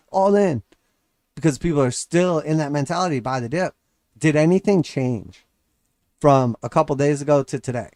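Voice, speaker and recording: A man's voice: medium pitch, a little mellow, no echo, clean studio sound. A man giving casual, blunt live market commentary as host, sarcastic, often acting out mocking voices.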